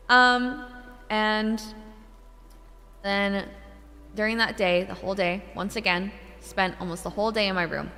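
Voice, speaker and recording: A young woman streamer telling a true ghost story in a casual, animated way, swearing and laughing between lines. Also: mid-range voice, moderate pace, long reverb tail. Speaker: VTuber streamer.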